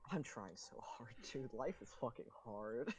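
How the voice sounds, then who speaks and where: A man's voice: medium pitch, expressive, unhurried, darkish tone, faint music behind, rough recording. A trans man whose voice is dropping and cracking on testosterone, chatting casually and swearing on a live stream. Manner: rambling, swears a lot.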